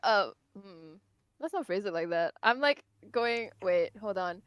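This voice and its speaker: A woman's voice: mid-range voice, lively intonation, unhurried, a bit bright, clean tone, no echo. A young woman playing a tabletop game on a call, hesitant and giggly, thinking aloud over her moves. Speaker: player. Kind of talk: casual game chat.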